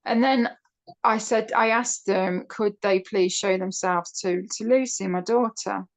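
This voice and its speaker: A middle-aged woman, a podcast guest telling a personal story in a chatty, animated way over a video call. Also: medium pitch, a little slow. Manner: chatty, animated when quoting others. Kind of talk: casual storytelling interview.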